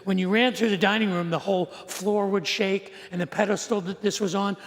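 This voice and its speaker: A middle-aged male pastor preaching in a church sanctuary, with a fairly high voice for a man. He talks like he is telling a story to friends, asking the room questions and adding dry jokes. A long hall reverb trails behind his words. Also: fairly even intonation, fairly quick, hardly any pauses. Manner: conversational storytelling, asks the audience questions, dry humor. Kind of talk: sermon.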